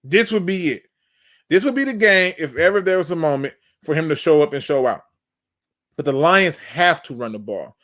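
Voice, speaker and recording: Breaking down game film on his live sports talk show, a fired-up, emphatic host addresses his audience directly as "y'all." His voice is a little high and a bit bright, expressive, at a moderate pace.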